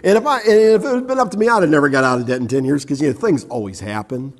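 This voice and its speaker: An older man giving a personal testimony in church. He tells his story with a husky voice, acting out what was said and laughing at himself. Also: a little high, lively intonation, very fast.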